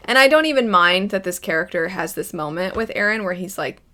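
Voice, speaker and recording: A woman giving casual reaction commentary on a vlog, chatty and animated, slipping into character voices as she talks. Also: on the low side, brisk. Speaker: anime reaction vlogger.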